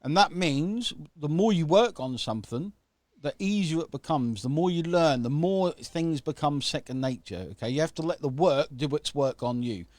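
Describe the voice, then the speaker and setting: A man's voice: on the high side, animated, moderate pace, darkish tone, dry recording. A man hosting an online interview, talking casually and enthusiastically, often checking in with "okay?". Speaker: host.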